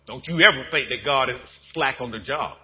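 A man pastor preaching a sermon in a folksy, conversational way, dropping to low murmurs and then building to shouted bursts. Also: fairly quick, breathy edge, lo-fi sound.

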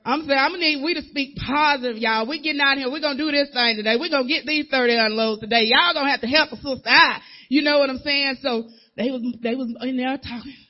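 A woman's voice: high-pitched, quick pace, hardly any pauses. A woman minister delivers a sermon with emphatic repetition, hammering single words home and acting out the people she talks about in loose, casual speech. The recording sounds dull and lo-fi. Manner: emphatic, repetitive, acts out voices in casual dialect.

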